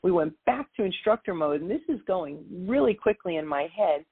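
Woman, storytelling guest, husky, lowish pitch, tinny phone line. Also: brisk. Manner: animated storyteller, quotes voices. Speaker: author and guest. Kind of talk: storytelling interview.

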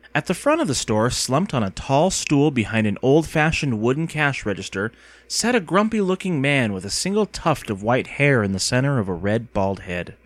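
A man narrating a children's story in an expressive, storytelling way. His voice rises and falls a great deal. The recording is close and dry, with no room sound. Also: medium pitch, no room sound. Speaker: audiobook narrator. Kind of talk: scripted narration.

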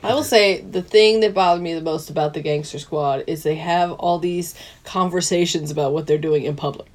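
A woman with a lowish voice gives unhurried opinions on a movie, now and then quoting a character's lines. Her tone stays conversational throughout. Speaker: podcast co-host. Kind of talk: casual movie discussion.

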